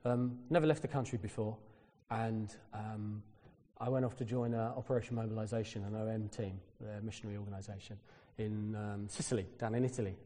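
Guy preaching, mellow tone, lively storytelling, big echoey church. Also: lowish voice, a little fast, hardly any pauses. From Britain. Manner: storytelling, animated when quoting others. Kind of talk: sermon.

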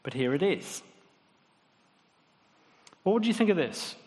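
A man's voice: sits high, sing-song, measured pace, a little mellow, big-room sound. A man preaching a sermon in a conversational way, often putting questions to the congregation.

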